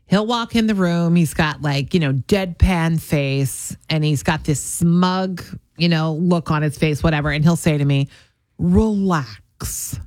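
A middle-aged woman co-hosting a radio show, chatting in casual banter, animated and quick to laugh. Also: low voice, dry recording. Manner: animated, laughing, talks over her partner. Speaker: radio co-host.

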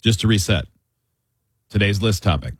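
A man's voice: lowish voice, breathy edge, no echo. A man hosting a radio show in a studio, running the segment with self-deprecating humor. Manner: self-deprecating, animated, quick. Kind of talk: casual studio chat. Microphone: studio mic.

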